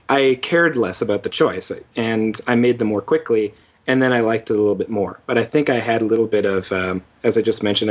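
A man's voice: medium pitch, slightly rough. A man co-hosting a casual gaming podcast, rambling through his opinions and teasing his co-host.

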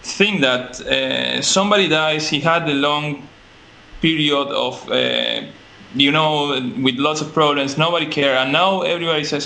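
A man's voice: a little high, a little slow, vocal fry, pushed and bright, poor audio. A man from Argentina sharing strong opinions in casual podcast talk, hesitant, with many fillers and restarts. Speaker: podcast co-host. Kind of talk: casual conversation.

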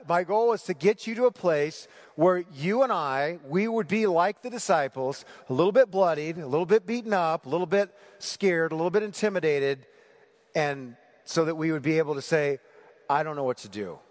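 A man preaching a sermon, asking the congregation rhetorical questions in an animated way. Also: a little high, moderate pace, long reverb tail. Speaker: pastor.

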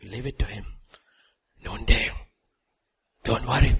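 A male preacher delivering a sermon, moving from quiet asides to loud, soaring exhortation and repeating short commands for emphasis. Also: fairly low pitch, moderate pace, husky.

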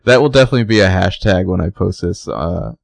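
Low gravelly man recapping animatedly. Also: fast, dry recording. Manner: animated retelling, acting out characters' lines. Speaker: podcast co-host recapping a TV episode. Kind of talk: casual chat.

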